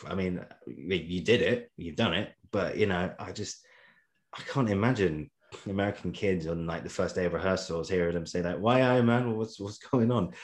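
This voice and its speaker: A man's voice: low-pitched, moderate pace. A man interviewing a guest in a conversational way, rambling and encouraging, often laughing.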